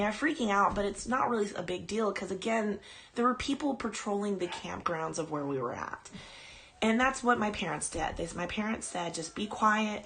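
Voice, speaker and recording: Telling a personal ghost story casually on a live stream, a woman podcast host rambles chattily and interrupts herself to coo at her dog. Her voice is mid-range with a fairly bright tone.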